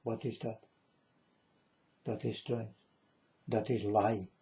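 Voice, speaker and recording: Slow, mellow-voiced man ranting earnestly. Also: fairly low pitch, level tone, highs cut off. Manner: earnest, deliberate, addresses viewers as folks. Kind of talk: rambling monologue to camera.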